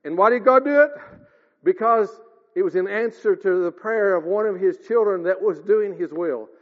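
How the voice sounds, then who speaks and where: A man preaching a sermon in an earnest way, often calling his listeners dear ones and swinging his voice up and down. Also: normal speed. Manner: earnest, addresses listeners as dear ones, rises and drops in pitch. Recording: lo-fi with long hall reverb.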